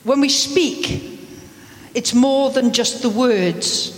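A woman minister giving a lively, playful sermon, acting out examples for her congregation. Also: fairly high pitch, takes it slowly. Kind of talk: sermon with audience participation. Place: church hall. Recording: echoey church hall.

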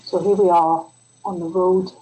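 A worship leader in a church service, reciting the prayer in a measured way. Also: medium pitch, little pitch movement, warm tone, poor audio.

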